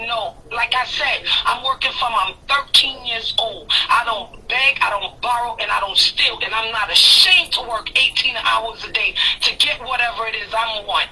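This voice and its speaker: A woman's voice: fairly high pitch, bright, forceful tone, breathy edge. A woman telling her side of a story over a phone call, defiant and blunt, cursing at times.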